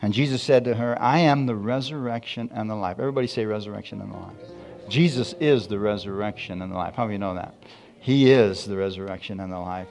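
Low-voiced preacher man with soft music. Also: creaky. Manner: reads scripture slowly, calls out to the congregation. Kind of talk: sermon.

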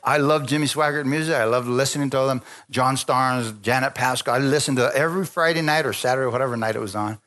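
A man's voice: mid-range voice, quick pace, few pauses. A middle-aged man preaching a sermon, telling personal stories and acting out the voices in them. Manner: animated storytelling, acting out voices. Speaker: pastor.

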